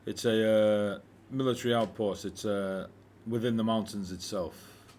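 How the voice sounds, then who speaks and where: A man's voice: fairly low pitch, fairly even intonation, a little slow, a little mellow, slight background noise, lightly acted. A man voicing a blunt dwarf warrior. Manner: blunt, hesitant, with filler words. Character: gruff middle-aged male dwarf warrior.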